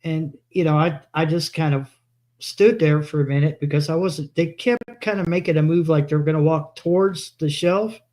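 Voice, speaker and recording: A man's voice: on the high side, moderate pace, darkish tone. A man telling long rambling anecdotes in a casual live chat, quoting himself as he goes. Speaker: co-host.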